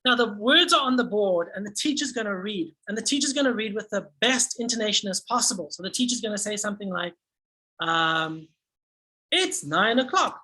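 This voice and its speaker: Energetic woman teacher trainer with a bright voice, walking colleagues through a lesson. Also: medium pitch, a little fast, slightly rough, rough recording. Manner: energetic, acts out classroom prompts.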